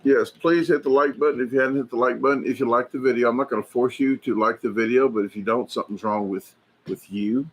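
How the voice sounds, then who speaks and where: A man hosting a casual livestream, rambling and chatty as he reads viewer comments aloud, filling pauses with lots of fillers and restarts. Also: medium pitch, steady tone, muffled recording. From United States. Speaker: livestream host. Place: indoors at a hobby shop.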